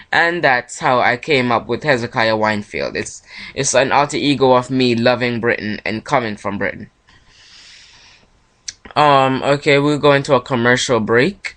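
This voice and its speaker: Young man from Jamaica, mid-pitched, hosting a solo podcast; casual, rambling, often self-correcting. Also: moderate pace, fairly bright tone. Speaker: independent musician hosting his own podcast.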